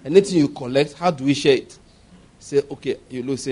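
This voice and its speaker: A man's voice: medium pitch, fairly quick, dark tone. A man preaching a sermon, emphatic and laughing often, acting out little voices as he talks. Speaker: pastor.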